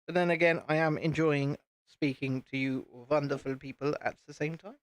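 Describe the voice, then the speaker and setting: A man's voice: a little high, steady tone, normal speed, dry recording. A British man hosting a casual live stream, chatting to viewers while he builds and poking fun at himself. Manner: chatty, self-deprecating, talks to viewers.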